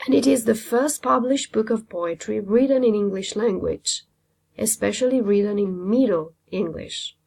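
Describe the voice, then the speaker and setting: A woman's voice: mid-range voice, normal speed, creaky, darkish tone. A woman teacher, a native Italian speaker, explaining a literature lesson step by step with frequent ums. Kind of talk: classroom lecture.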